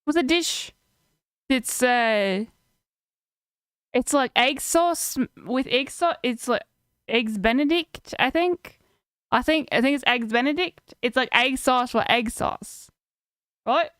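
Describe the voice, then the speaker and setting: A playful, rambling Kiwi woman with a put-on New Zealand accent, done by a woman. The voice sits high and sounds smooth and clean, with a dry close sound. She chatters on in a jokey way. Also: expressive, takes it slowly, long pauses, fairly bright tone, dry recording, full character voice. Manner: raised-pitch, playful, rambling.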